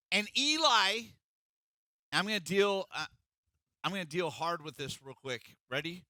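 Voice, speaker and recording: A man's voice: high-pitched, expressive, a little slow, long pauses, sharp tone, no room sound. A middle-aged man preaching a sermon as pastor, in an emphatic, conversational way.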